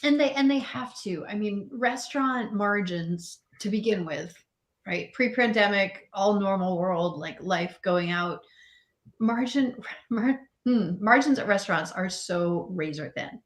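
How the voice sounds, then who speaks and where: Animated woman in echoey room. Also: medium pitch, measured pace. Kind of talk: casual panel discussion.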